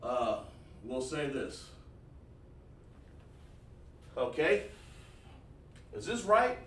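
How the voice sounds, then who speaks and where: A man's voice: mid-range voice, very animated, extremely slow. A man teaching an online lesson, coaxing students with repeated questions. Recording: echoey room, far from mic.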